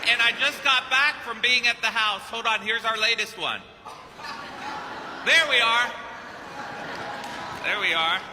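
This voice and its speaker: A priest from Kentucky preaching a sermon, telling a story in an animated way and acting out the dialogue. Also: male voice, sits high, moderate pace, hardly any pauses, big-room sound, background noise. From Kentucky, United States. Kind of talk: anecdotal sermon.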